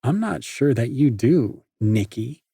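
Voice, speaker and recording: A hot-tempered teenage boy with a husky voice and a curt manner, as a male narrator voices him. He talks in short, clipped lines. The read is close and dry. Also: medium pitch, animated, takes it slowly, warm tone, no room sound, heavily acted. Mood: terse.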